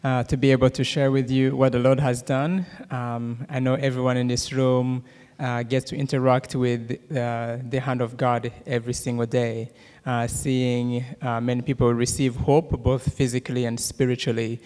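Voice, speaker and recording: A man in his thirties from Rwanda with a Rwandan accent gives a church testimony and prayer, talking fast with many "uh" fillers and jokes with the audience. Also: medium pitch, little pitch movement, darkish tone, clean tone. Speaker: guest speaker giving a testimony. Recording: long hall reverb.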